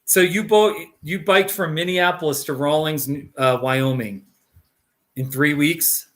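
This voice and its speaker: Bright-voiced man rambling on a live stream. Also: a little high, unhurried. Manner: rambling and jokey, laughs often, restarts sentences. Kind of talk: casual live stream chat.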